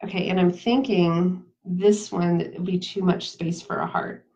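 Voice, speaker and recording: A woman's voice: lowish voice, fairly even intonation, measured pace, mellow. A woman giving a casual live craft demonstration, chatty, laughing easily and talking straight to her viewers. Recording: dull lo-fi sound.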